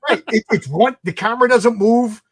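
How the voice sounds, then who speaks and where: A man's voice: extremely high pitch, moderate pace, a bit bright, husky, dry recording. A middle-aged man from New York, a guest in a casual chat, reminiscing and joking, often repeating his first words.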